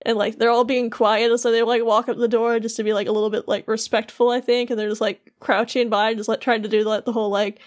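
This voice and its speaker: A woman's voice: on the high side, little pitch movement, quick pace, few pauses. Chatty young woman recapping a game. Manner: chatty, heavy use of "like", acts out characters' lines. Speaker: podcast co-host. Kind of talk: casual game recap chat.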